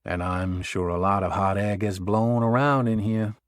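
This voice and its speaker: A man's voice: on the low side, steady tone, normal speed, dry recording, close to an everyday voice. A man voicing a wry, confident male Secret Service agent in an audiobook.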